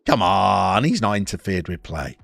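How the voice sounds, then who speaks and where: A man with a soft Birmingham accent commentates his football management game in a wry, self-mocking way and chats with viewers. His voice sits fairly low and sounds dry and close, with faint music underneath. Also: very animated, moderate pace, gravelly, breathy edge, no room sound. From English Midlands. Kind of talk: casual live-stream commentary.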